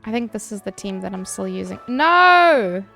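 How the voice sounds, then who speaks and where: A woman's voice: medium pitch, little pitch movement, creaky, dark tone. Girl chatting to her stream while gaming, talks casual and loose, bit of music under it. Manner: chatty, swears casually, answers chat with quick laughs. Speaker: game streamer. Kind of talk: casual live-stream chat.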